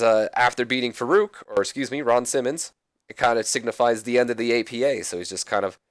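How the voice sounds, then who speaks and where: A man's voice: fairly low pitch, no echo, studio quality. A man hosting a let's play, recapping a simulated wrestling show in a rambling, casual way. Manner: rambling, casual, mildly profane. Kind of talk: casual game commentary.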